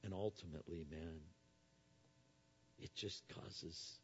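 A male pastor preaching a sermon, swinging between soft low lines and loud raised appeals. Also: steady tone, slow pace, dull audio, slight background noise.

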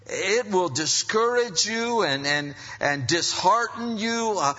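A man preaching a sermon as pastor, animated, going from loud emphasis to soft asides. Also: high voice, takes it slowly, few pauses. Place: church hall. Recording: dull sound, long hall reverb.

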